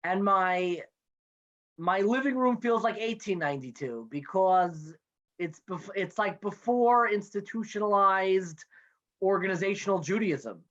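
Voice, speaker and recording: A man's voice: high-pitched, lively intonation, a bit bright. Man, 30s, playful chatty guest, video call from home office, dull lo-fi sound. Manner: chatty, playful, quick with jokes. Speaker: guest, NCSY education director. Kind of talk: casual interview chat.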